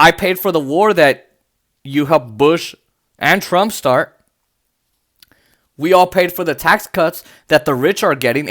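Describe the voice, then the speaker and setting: A man's voice: a little high, fairly bright tone. A man hosting a political podcast, reacting to news clips in an angry, profane, mocking rant that breaks into laughter. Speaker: podcast host.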